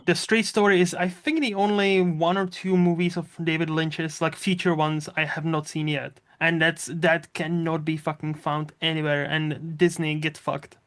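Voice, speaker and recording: A man's voice: fairly high pitch, little pitch movement, moderate pace, few pauses, fairly bright tone. A man hosting a casual movie podcast, talking in a loose, rambling way with lots of fillers and frequent swearing. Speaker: podcast host.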